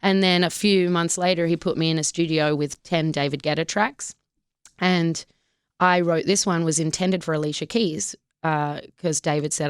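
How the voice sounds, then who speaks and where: A woman from Australia, a singer-songwriter guest chatting casually and candidly on a radio show, playful and quick to laugh at herself. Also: sits low, steady tone, smooth, no echo, clean studio sound. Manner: candid, playful, self-deprecating, laughs easily. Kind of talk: casual radio interview chat. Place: radio studio.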